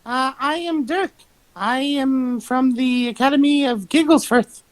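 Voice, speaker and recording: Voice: high-pitched, measured pace, no echo, pitched above the performer's own voice. A tabletop player voicing an awkward young male goblin scholar who gives a stiff, formal greeting.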